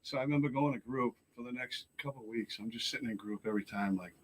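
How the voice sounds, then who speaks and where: A man, talking as a podcast guest in a rapid, rolling rush. His voice sits at an ordinary middle pitch. He tells his stories with lots of animation, acting out the people in them and swearing freely. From Lowell, Massachusetts. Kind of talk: casual storytelling.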